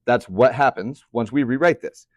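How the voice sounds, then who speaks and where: A man's voice: mid-range voice, normal speed, a little mellow, dry recording. A young man teaching a math class, chatty, often putting questions to the students. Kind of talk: classroom lecture.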